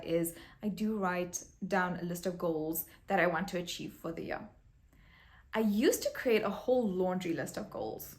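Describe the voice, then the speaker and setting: A woman in her twenties talking to camera in a casual, upbeat advice vlog, with small restarts now and then. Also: medium pitch. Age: 20s. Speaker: YouTube creator.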